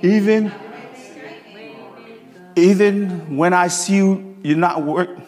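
Male preacher, high voice, animated storytelling sermon, long hall reverb, soft music underneath. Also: slow pace.

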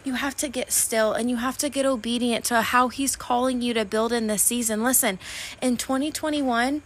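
A woman's voice: fairly high pitch, fairly even intonation, moderate pace. A woman hosting a faith-based motivational podcast, speaking fervently and emotionally and calling her listeners honey and friend. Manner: emotional, voice wavering toward tears at times. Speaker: podcast host.

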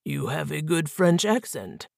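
A woman voicing a measured, polite male teacher who speaks slowly and formally in a storybook reading. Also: low-pitched, very animated, creaky, a little mellow, no room sound, clean studio sound, pitched below the performer's own voice, full character voice.

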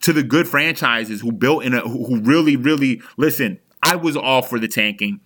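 A man's voice: medium pitch, normal speed, a bit bright. A young man hosting a sports podcast, ranting angrily as a frustrated fan, heated and profane with frequent restarts. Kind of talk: angry fan rant.

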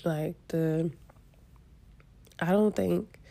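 A woman hosting her own podcast, venting in a halting, profane, frustrated way while near tears and congested. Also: lowish voice, fairly even intonation, vocal fry, warm tone. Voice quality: congested from sinus trouble. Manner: halting, profane and frustrated, with many restarts and trailing pauses. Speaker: podcast host. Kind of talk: emotional solo podcast venting.

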